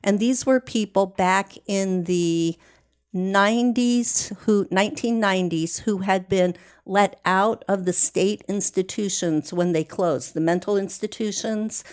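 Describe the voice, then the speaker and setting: A woman, a guest, telling a personal story slowly, deliberately and earnestly. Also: mid-range voice, smooth.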